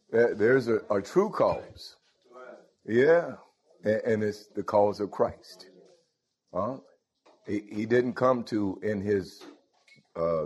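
A man's voice: medium pitch, breathy edge. A man preaching a sermon in a conversational way, often putting questions to his congregation.

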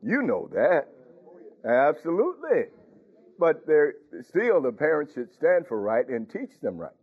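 This preacher's voice is husky and fairly high, with huge pitch swings and an unhurried pace. He gives his sermon conversationally, chuckling and frequently asking the congregation if they follow. The audio is tinny and phone-like.

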